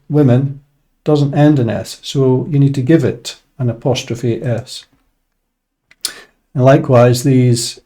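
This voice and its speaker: Male English teacher, unhurried explainer, warm dark tone, filler-heavy delivery. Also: mid-range voice. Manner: relaxed, thinking aloud with many fillers. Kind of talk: casual explanatory lesson.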